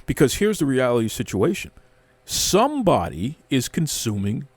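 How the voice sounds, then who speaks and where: Sarcastic man with a lively swooping pitch. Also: moderate pace, slightly rough, no echo. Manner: mock-outraged sarcasm, swooping pitch, repeats words. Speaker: wrestling commentary host. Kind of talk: sarcastic rant to camera.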